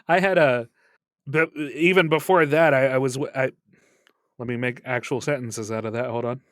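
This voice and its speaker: A man's voice: mid-range voice, steady tone, normal speed, a bit bright, no echo, clean studio sound. A man co-hosting a podcast, rambling through stories in a playful way and laughing often. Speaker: podcast co-host. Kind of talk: casual late-night chat.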